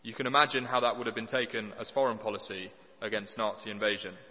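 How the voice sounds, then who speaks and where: A man's voice: on the low side, quick pace. Guy preaching, dry jokes, long echo in a big hall, kinda muffled lo-fi. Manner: earnest, conversational with dry humour. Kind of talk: sermon. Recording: dull lo-fi sound with long hall reverb.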